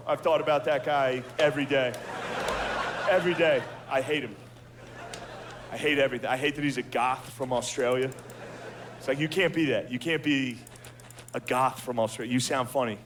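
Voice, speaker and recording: A man's voice: mid-range voice, moderate pace, long pauses. A man doing a stand-up comedy routine, telling profane, self-deprecating stories. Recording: clear background noise.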